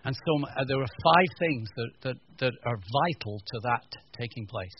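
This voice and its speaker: A man from the north of England giving a humorous teaching talk to a live audience, animated and jokey, acting out little scenes. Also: mid-range voice, moderate pace, muffled recording. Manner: animated, jokey, acts out voices, stammering restarts. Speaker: preacher.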